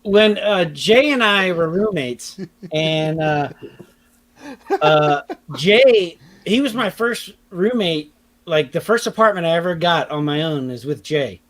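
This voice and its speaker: Higher-pitched young guy co-hosting a podcast, chatty and laughing through his stories. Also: slow pace. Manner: laughs while telling, relaxed banter. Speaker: podcast co-host. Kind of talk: casual storytelling chat.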